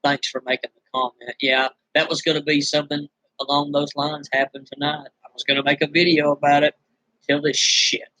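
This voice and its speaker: A man's voice: a little high, little pitch movement, a little fast, sharp tone, dry recording, low-quality recording. A man vlogging and venting his frustrations, weary and bitter, rambling with many restarts, his throat dry from screaming earlier. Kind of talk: venting straight to camera.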